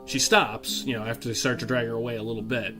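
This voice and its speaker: A male game master narrating a tabletop game at a middle pitch, stopping often with fillers as he thinks. Faint guitar music plays softly underneath. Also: fairly even intonation, fast. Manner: hesitant, many fillers.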